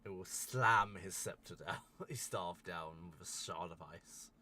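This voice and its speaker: A man narrating a tabletop game as game master, describing the scene in an unhurried way. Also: low voice, bright, forceful tone.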